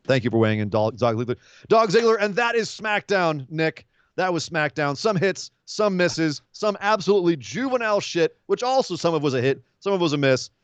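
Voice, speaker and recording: A man co-hosting a wrestling podcast in casual chat, animated and sarcastic. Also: brisk, smooth, dry recording. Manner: animated, sarcastic, swings up in pitch when exasperated. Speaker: podcast co-host.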